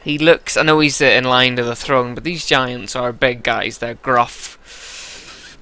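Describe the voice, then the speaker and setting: A man's voice: medium pitch, steady tone, slow pace, bright, forceful tone, clear, resonant tone. A man giving casual, rambling commentary over a story game, tipsy and chatty. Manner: chatty, rambling, laughs between lines. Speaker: gameplay commentator.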